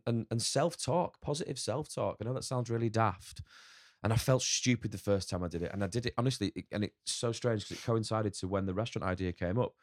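A man's voice: fairly low pitch, no echo, studio quality. A man who runs a restaurant, talking candidly as a podcast guest and swearing casually now and then. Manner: candid, swears casually, acts out inner voices.

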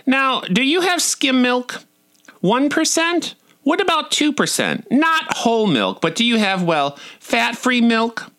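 A man voicing a fussy older mother who asks question after question in a high, fretting voice. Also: big pitch swings, a little slow, sharp tone, heavily acted.

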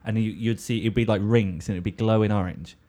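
A man with a fairly low voice, hosting a relaxed podcast chat. He teases his guest and cracks quick jokes in easy back-and-forth banter. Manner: joking, teasing, quick banter. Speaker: podcast host. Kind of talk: casual chat.

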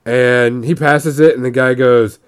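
A man's voice: medium pitch, steady tone, measured pace, clear, resonant tone. A man casually telling a tabletop gaming story, rambling with frequent restarts and quoted voices.

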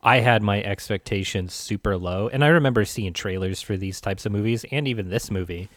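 A man with a low voice chats about a film in a laid-back, easygoing way, laughing and cursing casually as he goes. The recording is dry and close. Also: brisk, fairly bright tone, dry recording. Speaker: podcast co-host. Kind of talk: casual movie review chat.

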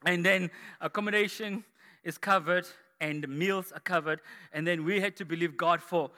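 A man preaching a sermon as pastor to his church, energetic and rising to shouts, from South Africa. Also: high-pitched, moderate pace. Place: large church hall. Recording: echoey church hall.

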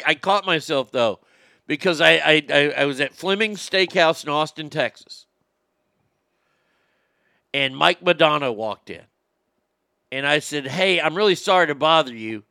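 A man with a gravelly edge on a crisp, smooth voice hosts a loose talk show, ranting bluntly and salting his points with profanity. His tone is bright and tense, a touch higher than most men, and he trips over repeated words as he tells stories, recorded dry and close. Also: dry recording. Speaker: show host. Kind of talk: casual opinionated talk show.

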